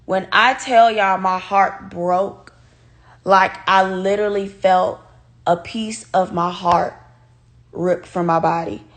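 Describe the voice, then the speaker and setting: A woman's voice: medium pitch, fairly even intonation, slow pace. A woman vlogger from the United States tells a personal story to camera in a loose, casual way. She talks straight to her viewers, leans hard on her words and swears freely.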